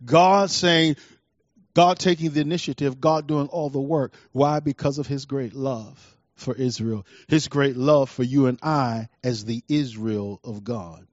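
A man preaching a sermon as a pastor, swinging between fervent declarations and hushed asides. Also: medium pitch, measured pace, no echo, muffled recording.

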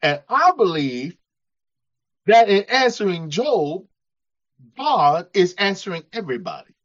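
Animated preacher man, lively pitch. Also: unhurried. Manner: animated preaching, acts out quoted voices, chuckles often. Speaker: pastor. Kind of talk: sermon. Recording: dull lo-fi church recording.

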